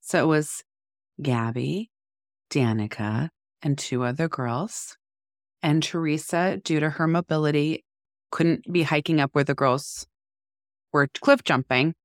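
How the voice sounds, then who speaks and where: A woman's voice: low voice, unhurried, pauses often, no room sound, studio quality. A woman in her forties, a podcast co-host, telling a story in casual chat with animation and acting out what people said.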